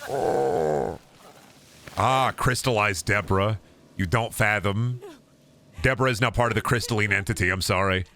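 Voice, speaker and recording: A man with a bright, forceful voice narrates his gameplay in loose, rambling riffs. He swears freely and keeps breaking into silly impressions to drive a joke home. A faint hum of noise sits under the talk. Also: on the low side, fairly quick. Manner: rambling, sarcastic, profane, riffing with goofy voices. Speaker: streamer. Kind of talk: casual gameplay commentary.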